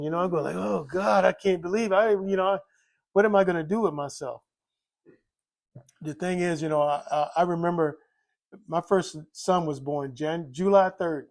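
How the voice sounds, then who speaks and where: An older man with a gravelly, slightly high voice gives a candid personal testimony about drinking and recovery. He rambles, circles back to repeat his own phrases and leans on constant fillers. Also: darkish tone. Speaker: recovering alcoholic telling his story.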